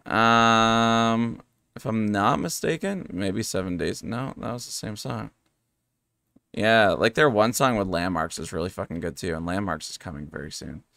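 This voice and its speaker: A man from Canada reacting to a metal song on his stream, excitable and loose, swearing casually and filling gaps with uhs. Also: lowish voice, a little slow, creaky, no echo.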